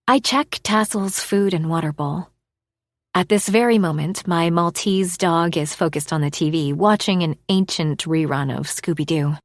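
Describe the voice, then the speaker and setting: A woman narrating a romance audiobook in the first person, expressive, dropping to a hush for inner thoughts. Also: fairly low pitch, no echo, clean studio sound.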